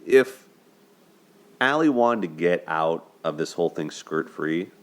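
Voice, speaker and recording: A man's voice: deep voice, expressive, measured pace. A man hosting a show, casually breaking down a movie's romance in a chatty way, often checking in with "right?" and laughing. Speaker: host of a dating and movie commentary show.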